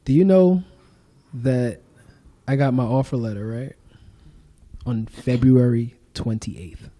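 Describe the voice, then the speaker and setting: A man's voice: mid-range voice, slow. A young adult man, a podcast host, talking casually and slangily in an interview and acting out the exchanges he retells. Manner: animated storytelling, acts out quoted exchanges.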